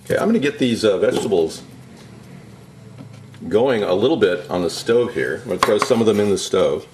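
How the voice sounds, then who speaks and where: Rambling into jokey asides as he cooks, this man hosts a laid-back home cooking demonstration from his kitchen. His voice sits lowish and sounds animated and brisk. Sizzling pan noise runs behind it, along with frying sounds and knife clicks.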